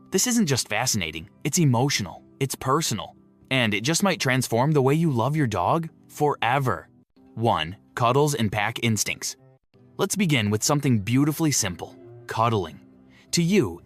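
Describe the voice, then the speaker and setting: Man narrating in a slow, emotive voice. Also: medium pitch. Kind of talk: scripted narration. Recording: soft music beneath the voice.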